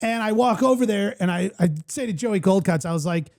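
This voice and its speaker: A man hosting a casual talk show in a raised, lively register with a gravelly edge to his voice. He tells a story excitedly, piling up fillers, restarts and quick asides. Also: high voice. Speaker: podcast host. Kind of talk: casual chat.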